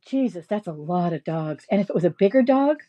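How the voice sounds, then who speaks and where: A middle-aged woman hosting a live resale stream, rambling through animated stories and laughing often. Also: lowish voice, fairly quick. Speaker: live-stream reseller host. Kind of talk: chatty live-selling stream.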